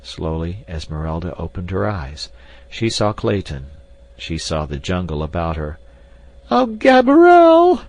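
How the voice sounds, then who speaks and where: A man narrating an audiobook in a steady, even reading. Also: sits low, normal speed. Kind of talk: scripted narration.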